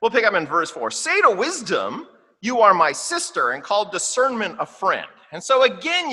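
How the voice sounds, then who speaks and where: A man preaching a sermon in a church. He talks in a conversational way, often asks "right?", and slows down to read scripture. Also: high voice, pushed and bright. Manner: reads scripture slowly and deliberately. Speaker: pastor. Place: church sanctuary. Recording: long hall reverb in a church.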